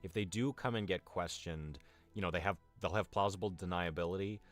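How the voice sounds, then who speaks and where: A man's voice: deep voice, brisk, faint music behind. A man playing a tabletop game, chatting and explaining his character's actions with fillers. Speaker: player. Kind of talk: casual tabletop play.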